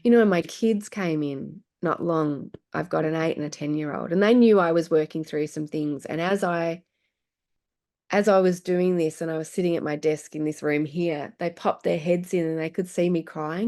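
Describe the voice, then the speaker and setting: A woman's voice: fairly low pitch, moderate pace, warm tone. A woman, a guest telling her story in a casual, earnest and emotional way, often restarting her sentences. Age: 40s. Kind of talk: casual chat.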